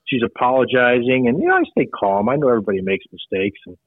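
A man's voice: medium pitch, very animated, quick pace, no room sound, phone-quality sound. An older man telling golf jokes in a chuckling, folksy way on a casual podcast call. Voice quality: chuckling, folksy joke delivery. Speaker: guest joke teller. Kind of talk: casual storytelling.

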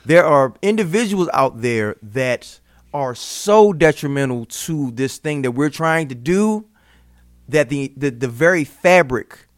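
A man co-hosting a casual podcast, speaking earnestly and in a measured way before handing the floor to another speaker. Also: fairly high pitch, expressive, dry recording, clean studio sound. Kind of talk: casual panel chat.

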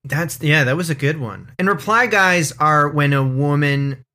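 Bright-voiced man co-hosting a comedy podcast. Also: on the high side, expressive, a little slow. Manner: loose, rambling, jokey. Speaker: podcast co-host. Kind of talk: casual comedy podcast chat.

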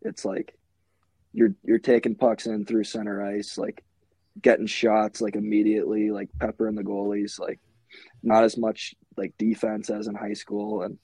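A man's voice: on the low side, little pitch movement, normal speed, warm tone, husky, no room sound. A young man from Minnesota, a hockey goalie, talking in a laid-back casual way as a podcast guest, full of "like" and "you know". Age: young adult.

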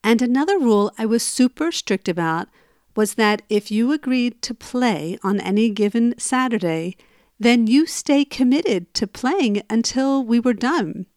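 A woman's voice: fairly high pitch, expressive, a little slow, a little mellow, dry recording, clean studio sound. A woman telling a personal story in a conversational way, growing emphatic as she relives an argument.

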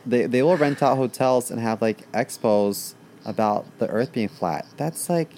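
A man's voice: mid-range voice, unhurried, darkish tone, slight background noise. A gay man co-hosting a casual podcast, telling stories bluntly with plenty of ums and likes. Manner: blunt, storytelling, lots of fillers. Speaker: podcast co-host. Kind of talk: casual chat.

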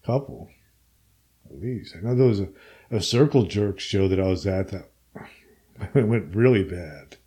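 An older man talks in a husky, mellow voice, laid-back and casual. His replies are often brief, and he speaks from a low register. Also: lively intonation, unhurried, long pauses. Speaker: punk fan in conversation. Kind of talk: casual chat.

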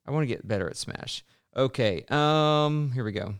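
Guy rambling about video games with a buddy, lots of restarts and laughs, normal mid pitch. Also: moderate pace, clean tone. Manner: rambling, self-correcting, laughs often. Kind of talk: casual gaming chat.

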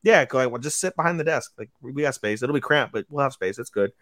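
A man's voice: medium pitch, animated, quick pace, fairly bright tone, no echo, studio quality. A man co-hosting a podcast, casually recapping an episode and acting out the characters' lines with sudden jumps in voice. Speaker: podcast co-host. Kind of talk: casual anime recap chat.

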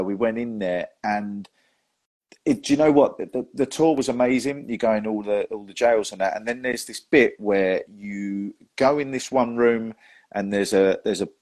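A man hosts a casual chat, telling stories with plenty of laughs. His voice sits fairly low and he talks in a loose, friendly way. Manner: chatty, laughs often, lively storytelling. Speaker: podcast host.

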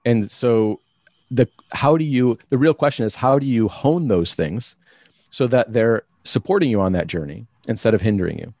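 A man's voice: mid-range voice, moderate pace, dark tone, dry recording. A man being interviewed, explaining his ideas in a reflective, searching way with many restarts. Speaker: guest. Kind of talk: conversational interview.

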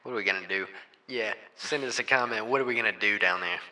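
A man's voice: lowish voice, fast, pushed and bright, rough recording. A man with a Southern accent, co-hosting a podcast and asking easygoing questions. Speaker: podcast co-host. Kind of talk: casual chat.

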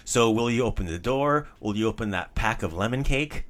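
A man casually teaching a friend everyday phrases, playfully repeating each one slowly. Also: fairly low pitch, expressive. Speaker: language teacher.

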